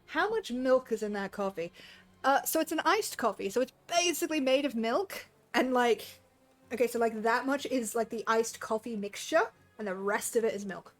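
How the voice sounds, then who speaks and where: A woman's voice: on the high side, expressive, normal speed. A woman chatting casually on a game stream, rambling with lots of fillers and giggly asides.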